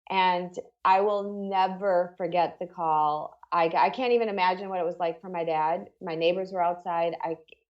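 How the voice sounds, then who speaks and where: A middle-aged woman with a fairly low voice tells a personal story as an interview guest. She talks in an earnest, conversational way, filling her sentences with "you know" and "like." The podcast audio is a little dull and muffled. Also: darkish tone.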